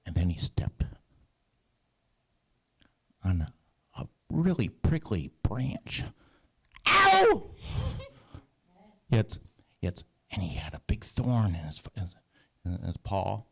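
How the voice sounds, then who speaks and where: A man telling a story to children at a church service, animated and halting, often restarting phrases. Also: low-pitched, creaky, breathy edge. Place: church sanctuary.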